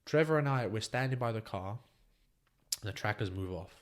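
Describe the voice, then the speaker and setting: A young man from Botswana, a podcast guest, telling a story in a casual, animated way and calling people "bro" as he goes. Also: on the low side, moderate pace. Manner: animated, slangy, keeps saying "bro".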